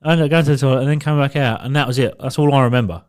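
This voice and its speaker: A man's voice: mid-range voice, very fast, clear, resonant tone. A man co-hosting a podcast, telling a story in casual chat and acting out what other people said. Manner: animated storytelling, acts out other people's voices. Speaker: podcast co-host.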